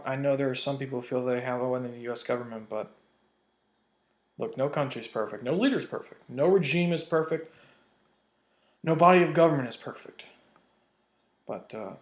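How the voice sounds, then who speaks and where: A man's voice: medium pitch, vocal fry. A man ranting in a vlog, heated and profane, hammering his points with emphasis. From United States. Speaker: vlogger. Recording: roomy echo.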